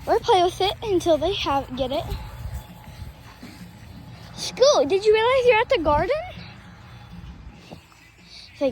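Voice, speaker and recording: A woman's voice: very high voice, lively intonation, a little slow, long pauses, slight background noise. A young girl playing outdoors with her dog, coaxing and chatting to him in a playful sing-song voice. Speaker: dog owner. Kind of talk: casual vlog talk to a dog. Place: outdoors in a yard.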